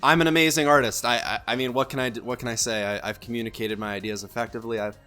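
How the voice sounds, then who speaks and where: A man's voice: mid-range voice, steady tone, sharp tone, faint music behind. A man with a nasal voice chatting casually and joking at his own expense. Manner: upbeat, self-mocking, quick joking. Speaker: co-host, voice actor. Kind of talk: casual chat.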